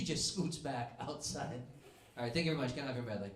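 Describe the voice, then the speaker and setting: A man's voice: medium pitch, slight background noise. Rambling male stand-up comic. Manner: rambling, halting, self-interrupting. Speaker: stand-up comedian. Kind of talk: stand-up comedy set. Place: comedy club stage. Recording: echoey club room.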